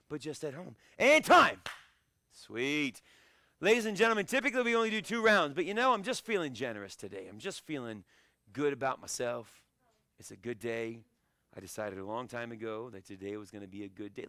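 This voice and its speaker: A man coaching a live online karate fitness class, shouting encouragement and countdowns and joking between sets over a video call. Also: high-pitched, vocal fry, no echo, studio quality. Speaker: karate instructor.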